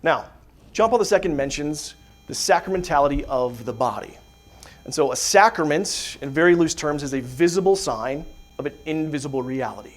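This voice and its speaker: A man's voice: on the high side, expressive, normal speed. A man giving a casual faith talk to a group of parents, full of rhetorical questions and asides like "right?". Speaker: catechist teaching parents. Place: parish hall dinner gathering.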